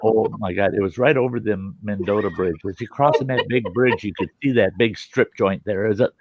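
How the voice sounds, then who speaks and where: A man's voice: lowish voice, fairly quick, no echo, dull audio. A man hosting a casual chat, rambling through crude stories and laughing at them. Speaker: host.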